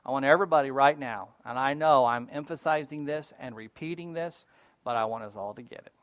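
A man preaching a sermon as a pastor, casual and conversational, often checking in with "right?" and moving between loud emphasis and quiet asides. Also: medium pitch, fairly quick, no echo, phone-quality sound.

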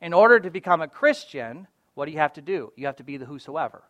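Male pastor, fairly high voice, dry close sound, chatty sermon delivery that swings between forceful and soft. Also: expressive, fast talker, dry recording. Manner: conversational preaching with frequent "all right?" and "right?" check-ins; swings between loud emphatic stresses and quiet low asides.

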